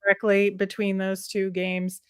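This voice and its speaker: A woman co-hosting a podcast in casual sports chat, chatty and analytical and quick to laugh. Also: mid-range voice, monotone, a bit bright, clean tone, dry recording, studio quality. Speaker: podcast co-host.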